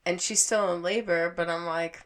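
A woman's voice: lowish voice, normal speed, a crowd in the background. A woman in her twenties telling a long story in casual chat, swearing constantly and acting out what she said. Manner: profane, animated storytelling with acted-out quotes.

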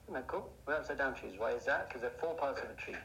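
A man giving a lively Torah class, asking rhetorical questions and building up to excited outbursts. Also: medium pitch, fast, vocal fry. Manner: animated, rhetorical questions, bursts into excited shouting. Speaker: Jewish teacher. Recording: echoey room, faint noise.

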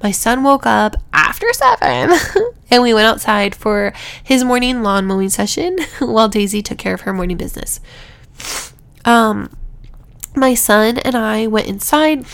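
A woman's voice: fairly high pitch, animated, measured pace, gravelly, fairly bright tone. A young woman telling a personal story to her viewers in a casual, rambling way, laughing between words, with a congested, stuffy voice. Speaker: vlogger.

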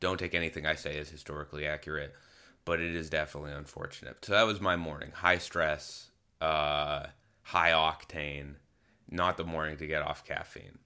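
A man with a low, bright voice hosts a podcast and talks straight into a phone camera. He rambles candidly through a story and keeps stopping to correct himself. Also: fairly even intonation, moderate pace, clear, resonant tone. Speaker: podcast host. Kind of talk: casual storytelling monologue.

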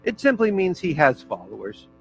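A male pastor gives his sermon in a loose, chatty way, full of asides, fillers and little jokes. His voice sits a bit high for a man, and soft music plays faintly behind him. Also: wildly swooping pitch, normal speed, gravelly, low-quality recording. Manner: casual, conversational preaching with filler words and jokes.

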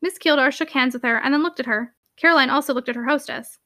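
A woman narrates a classic novel in a brisk, expressive way. Her voice is high and bright, and she moves along at a quick pace. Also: no room sound, clean studio sound. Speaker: audiobook narrator. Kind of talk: reading a classic novel aloud.

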